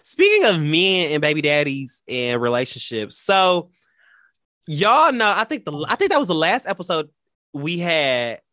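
A man co-hosting a casual talk show, telling a personal story in a dramatic, animated way and quoting the people in it. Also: a little high, measured pace, no echo, studio quality. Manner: animated, dramatic retelling with quoted voices. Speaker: podcast co-host.

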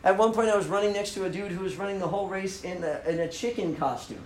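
A man with a slightly high voice tells a story in a casual, animated way and acts out each quote he repeats. He laughs often as he talks. The sound is roomy and echoey, with a faint hum of ambience behind him. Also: fast talker. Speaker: speaker telling a running story.

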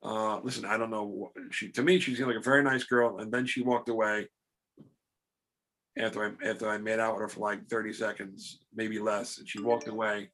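A man's voice: fairly low pitch, flat delivery, normal speed, a bit bright. A middle-aged man, the podcast host, telling a rambling, self-deprecating story in casual chat.

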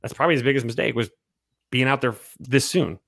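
A man who talks quickly and bluntly about sports, a former coach giving firm opinions in casual chat. He sounds close and dry, with no reverb. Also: medium pitch, creaky, a bit bright. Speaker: podcast co-host, former coach.

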